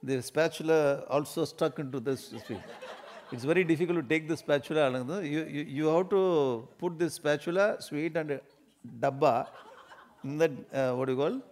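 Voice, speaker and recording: A spiritual teacher with an Indian English accent delivers a discourse full of humor. His voice sits slightly on the high side for a man. He laughs often and slips into small acted-out scenes to make his points. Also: normal speed. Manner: animated, laughs often, acts out everyday scenes.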